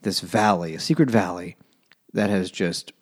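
A man's voice: low-pitched, moderate pace, breathy edge. A man co-hosting a podcast in casual chat, crude and dry-humored, swearing freely. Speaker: podcast co-host.

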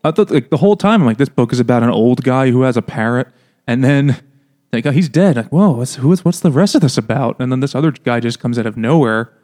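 A man's voice: medium pitch, lively intonation, fast, a little mellow. A man co-hosting a book podcast, chatting casually and joking, with lots of "like" fillers. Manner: joking, rambling, many "like" fillers. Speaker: podcast co-host. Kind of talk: casual chat.

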